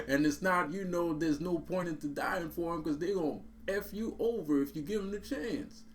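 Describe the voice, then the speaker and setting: A man's voice: fairly high pitch, normal speed, a little hiss or hum. A man telling a story in a casual, profane, streetwise way, laughing often and saying bro and man. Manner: repeats and restarts words. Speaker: vlogger.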